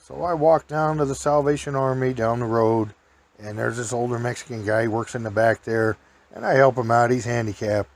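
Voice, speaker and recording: A man's voice: mid-range voice, steady tone, a little fast. A man hosting a storytelling podcast, telling a rambling folksy anecdote and chuckling often.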